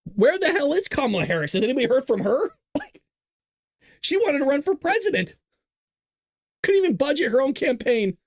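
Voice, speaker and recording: Very animated and very high-pitched, a political livestream host talks fairly quickly through a fired-up rant packed with swearing. He's in a small closet, and the audio has no echo.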